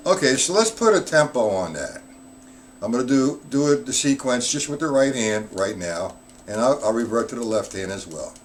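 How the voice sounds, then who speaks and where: A man's voice: medium pitch, sing-song, normal speed. A man teaching a live-streamed drum lesson, explaining strokes patiently and counting beats aloud. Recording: loud background noise.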